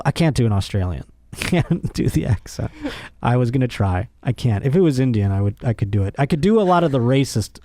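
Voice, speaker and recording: Man, podcast host, crude comedic rant, animated, mid pitch, dry sound. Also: fairly quick, dry recording. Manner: animated, crude, jokey, voice jumps high when worked up.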